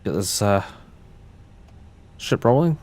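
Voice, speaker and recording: Man, lowish voice, casual livestream chat, talks through cockpit checks, rambling, restarts sentences. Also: lively intonation, slow, a little mellow. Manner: talks through cockpit steps while chatting with viewers.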